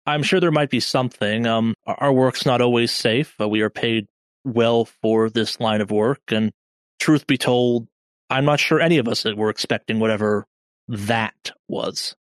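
Man playing soothing lady scientist, measured, hesitant, dry close sound. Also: mid-range voice, dry recording, lightly acted. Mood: calming. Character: calm diplomatic female scientist.

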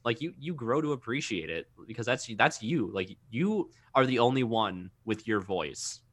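Bright-voiced young man from Minnesota. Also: medium pitch, expressive, normal speed. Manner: rambling, lots of "like" and restarts. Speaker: voice actor. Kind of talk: casual podcast chat.

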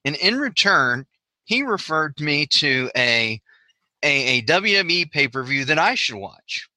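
A Southern man co-hosts a casual wrestling podcast, rambling and tripping over repeated words. His voice is very bright and forward. The recording is dry and close. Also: fairly high pitch, very animated, unhurried, no echo. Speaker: podcast co-host. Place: Pennsylvania.

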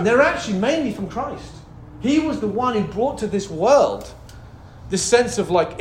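A man preaching a sermon as pastor, animated, swinging from hushed tones to loud exclaiming and calling for hallelujahs. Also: sits high, slight background noise. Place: church hall. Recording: echoey hall, faint ambience.

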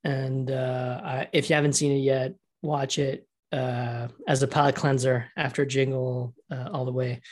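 A man co-hosting a podcast in casual chat, excitable, laughing often and restarting his sentences. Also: mid-range voice, unhurried, hardly any pauses. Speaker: podcast co-host.

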